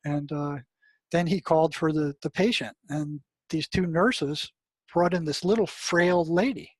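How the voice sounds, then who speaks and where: An older man, a retired mental health practitioner, recounting his experiences as an interview guest, animated and full of restarts. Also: a little high, a little slow, no echo. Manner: animated, many restarts, exclaims when recounting. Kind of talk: storytelling interview talk.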